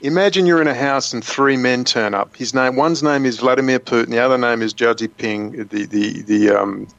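A man's voice: medium pitch, moderate pace, a bit bright, no echo. A man speaking as a guest on a political talk show, intense and rambling, often stumbling over repeated words. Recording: muffled dry lo-fi audio.

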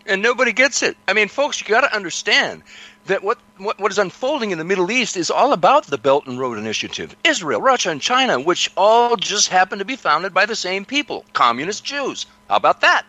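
An emphatic male talk show host who keeps calling out to his listeners. His voice is bright and forceful, swinging widely in pitch. The audio sounds dull and lo-fi. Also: very animated, brisk. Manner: emphatic, addresses listeners as folks. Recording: muffled lo-fi audio.

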